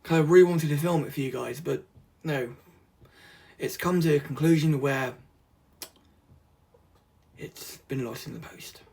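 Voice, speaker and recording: A man from the UK chatting casually through an unboxing vlog, rambling and easily excited. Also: a little high, unhurried, vocal fry, pauses often, husky. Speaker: vlogger.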